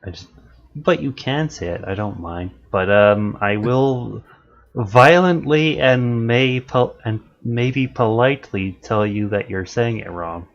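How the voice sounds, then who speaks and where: A Canadian man talks slowly and loosely over a dull, lo-fi line. He explains things at an easy pace, often restarting his sentences. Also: medium pitch, slight background noise. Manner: relaxed, explanatory, trails into restarts. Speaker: guest. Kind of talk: casual chat. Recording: dull lo-fi audio.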